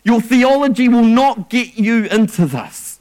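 High-voiced man preaching with stammered restarts. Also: expressive, a little slow, darkish tone. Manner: earnest, stammering restarts and repeated words. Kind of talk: sermon.

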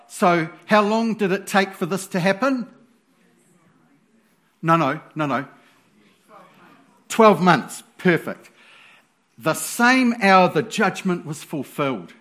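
High-voiced guy preaching a sermon, takes it slow, playful and animated, bursts out loud now and then.

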